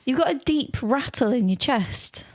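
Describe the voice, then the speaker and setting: A woman's voice: high-pitched, lively intonation, normal speed, darkish tone, no echo. A woman co-hosting a casual podcast, bubbly and affectionate, who teases her co-host freely. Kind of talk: casual chat.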